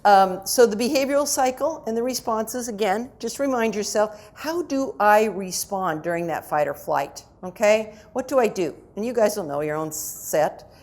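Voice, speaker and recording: A middle-aged woman giving a conversational lecture to parents at a conference, with lively asides to the audience. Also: medium pitch, normal speed, hardly any pauses. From United States. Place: conference hall.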